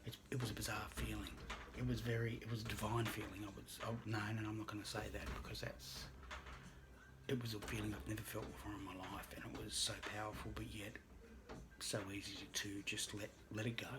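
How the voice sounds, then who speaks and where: Man, lowish voice, earnest storyteller, halting and hushed at times, background noise. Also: level tone. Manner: earnest, halting, drops into hushed near-whispers. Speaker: registered nurse. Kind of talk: personal story told to camera.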